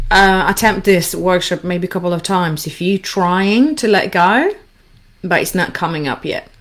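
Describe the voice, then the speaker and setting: A woman coaching listeners through a guided forgiveness exercise, speaking calmly with slow, repeated instructions. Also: lowish voice. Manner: calm, slow, repetitive instructions. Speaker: anxiety coach.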